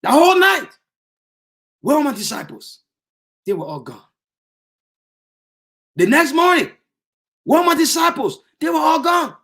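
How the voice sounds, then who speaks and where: A man preaching speaks as Jesus, lamenting his abandonment with sharp rises in pitch. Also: huge pitch swings, measured pace, long pauses, exaggerated voice.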